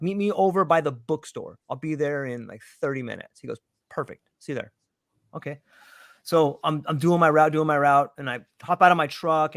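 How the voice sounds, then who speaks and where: A man telling a story in a casual chat, lively and acting out the voices of the people in it. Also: a little high, no echo, clean studio sound. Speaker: panel guest telling a story.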